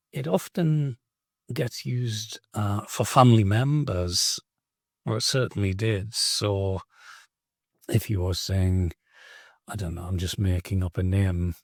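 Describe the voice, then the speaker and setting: A man with a mild Geordie accent, speaking as a podcast guest in a measured, pausing way. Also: low-pitched, a little mellow, dry recording, clean studio sound. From North East England. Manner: measured, with pauses and fillers. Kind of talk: casual chat.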